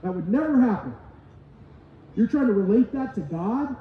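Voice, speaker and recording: A dismissive religious critic scoffs in a high, raised voice, as a man acts him out. The sound is thin and phone-like, with a big echo. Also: lively intonation, moderate pace, a little hiss or hum. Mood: scoffing. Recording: echoey hall, tinny lo-fi sound.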